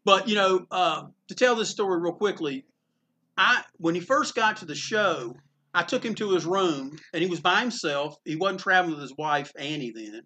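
Inside his comic book store, a Greensboro, North Carolina man who owns the place spins a casual, chatty story packed with restarts and side comments. His high-pitched voice is bright and forceful, with lively intonation, and he keeps a moderate pace.

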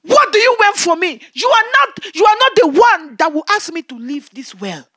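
A woman's voice: very high voice, sing-song, normal speed, fairly bright tone, no room sound, studio quality, heavily acted. A woman voicing a proud, defiant female spirit living in a well, talking boldly and tauntingly.

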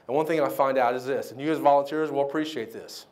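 A man giving a motivational banquet speech, telling his story with lively acted-out quotes. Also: medium pitch, fast. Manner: animated storyteller, acts out quoted voices. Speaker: keynote speaker. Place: banquet hall.

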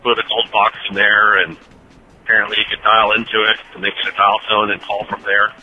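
A man caller asking questions in a voicemail, halting and searching for words. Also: fairly low pitch, flat delivery, highs cut off, soft background music.

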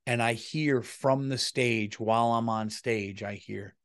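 A man's voice: medium pitch, steady tone, unhurried. A middle-aged man, a comedian hosting his own podcast, telling a story in a loose, rambling monologue, swearing freely and restarting sentences as he goes.

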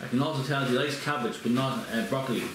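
A man chatting casually at home, mostly murmuring agreement and making dry, deadpan jokes. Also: medium pitch, quick pace. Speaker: partner joining the chat. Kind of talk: casual chat. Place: home kitchen. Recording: very echoey room, noisy.

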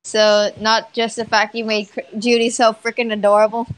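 A woman's voice: fairly high pitch, level tone, normal speed, low-quality recording. Chatty woman saying "like" a lot. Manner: chatty, heavy use of "like", laughs often. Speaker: channel host reading viewer questions. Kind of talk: casual chat.

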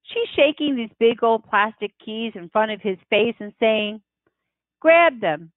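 A woman reading a children's novel aloud in the first person, unhurried and expressive. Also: fairly high pitch, no room sound. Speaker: audiobook reader. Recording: tinny phone-like dry sound.

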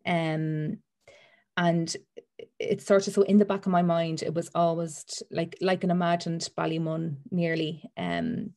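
Gravelly low-voiced author. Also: female voice, expressive, unhurried, darkish tone. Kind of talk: book reading and interview answers.

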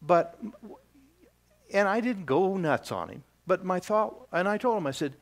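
Slow-speaking older male pastor. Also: high voice, animated. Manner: slow, storytelling preacher with pauses. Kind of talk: sermon. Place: church.

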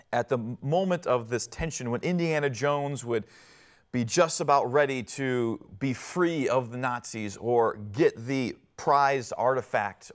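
A pastor giving a televised sermon in an earnest, conversational way, often pausing with fillers and restarting his phrases. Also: mid-range voice. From Northwest Ohio.

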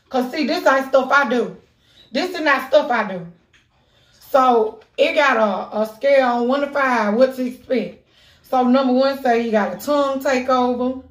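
A woman talking casually to her camera in a lively, animated way, swearing freely. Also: on the high side. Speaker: vlogger. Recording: echoey room.

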